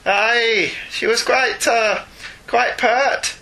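A cheeky comic Scotsman with a thick Scottish brogue, drawled out slowly and pitched up high, as a man puts it on. The voice is very bright and cutting. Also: fairly even intonation, slight background noise, full character voice. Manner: slow, drawling, giggly comic impression.

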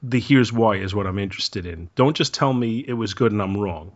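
Measured male podcast co-host. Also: on the low side. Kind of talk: casual chat. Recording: slightly muffled lo-fi audio.

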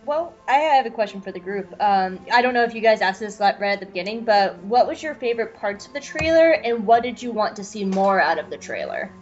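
A woman's voice: medium pitch, sing-song, brisk, few pauses. A woman in a casual group chat about films, asking the others questions. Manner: curious, asks the group questions. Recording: dull lo-fi sound, faint music behind.

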